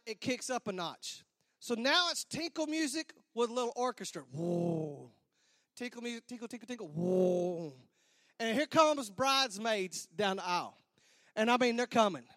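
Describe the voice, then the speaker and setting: A man telling a comic story to an audience in a large hall, animated, repeating words and acting out sound effects. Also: extremely high pitch, studio quality. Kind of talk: stand-up storytelling to a church audience.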